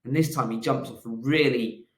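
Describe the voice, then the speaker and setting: A man teaching a phonics lesson to young children, telling a gentle, animated story. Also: mid-range voice, moderate pace. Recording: echoey room.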